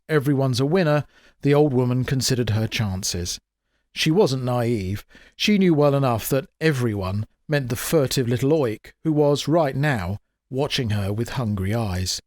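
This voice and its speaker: A man reads his own comic fantasy story with wry, dramatic expression. His voice sits at a middling pitch, and the recording is close and dry with no room echo. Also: lively intonation, unhurried, darkish tone. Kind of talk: dramatic audiobook narration.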